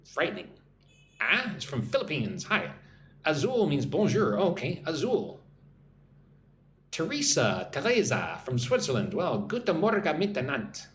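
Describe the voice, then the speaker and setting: A man teaching English on a live stream, chatting as he reads out viewer comments and explaining slang with slow example sentences. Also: fairly high pitch, wildly swooping pitch, fairly bright tone. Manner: chatty, reads viewer comments aloud and greets them in their languages. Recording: roomy echo with faint background hum.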